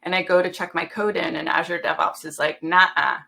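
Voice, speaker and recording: Low, gravelly woman telling a story. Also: brisk. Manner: animated storyteller who acts out dialogue. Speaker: panelist. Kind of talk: casual panel discussion.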